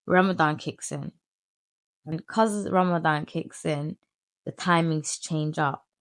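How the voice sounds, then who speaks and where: A young woman telling her life story in a candid, animated vlog, full of slang and crude asides. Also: low-pitched, gravelly, no echo, studio quality. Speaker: vlogger.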